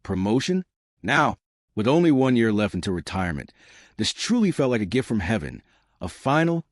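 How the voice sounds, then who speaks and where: Brief: fifties man, low and animated storytelling narration. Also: no echo, studio quality. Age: 50s. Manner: expressive, storytelling. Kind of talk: scripted first-person story narration.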